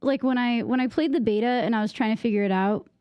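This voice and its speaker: A woman's voice: on the high side, quick pace, clear, resonant tone, dry recording, highs cut off. A young woman chatting casually while playing a game, rambling and easily distracted, with lots of "like" fillers. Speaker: gaming streamer. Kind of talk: casual gameplay chat.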